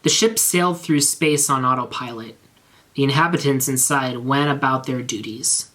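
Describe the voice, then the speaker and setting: A man reads fan fiction aloud in a flat, matter-of-fact way, letting the absurd lines land without comment. The pitch is mid-range and the pacing is steady. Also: moderate pace, soft background music.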